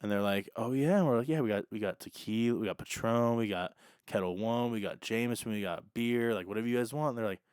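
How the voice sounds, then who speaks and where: Young guy, podcast co-host, spins an animated story, smooth clear voice. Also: fairly low pitch, quick pace, no echo, studio quality. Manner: animated, acts out quoted dialogue. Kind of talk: casual storytelling chat.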